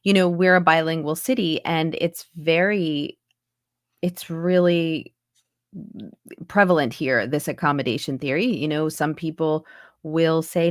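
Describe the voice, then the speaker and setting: This woman, a guest accent and dialect coach, speaks from Montreal on a video call in a relaxed interview, her speech full of fillers and restarts. She's low-pitched and a little slow, and the recording is clean studio sound without echo.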